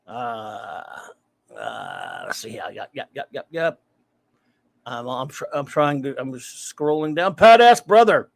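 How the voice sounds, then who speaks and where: Reading his chat aloud on a laid-back livestream, this host greets viewers by name and rambles in a mid-range, creaky, sing-song voice. He talks slowly, and there's no echo.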